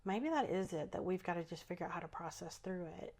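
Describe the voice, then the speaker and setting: A woman who works as a spiritual healer, talking thoughtfully on a podcast, often trailing off and restarting, with soft laughs. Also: on the low side, animated, quick pace. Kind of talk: casual podcast conversation.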